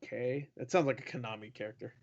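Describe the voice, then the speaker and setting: A man's voice: mid-range voice, fairly even intonation, quick pace, creaky, lo-fi sound. A man co-hosting a casual gaming podcast, loose, joking and swearing as he plays a trivia quiz. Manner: loose, profane, jokey. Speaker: podcast co-host.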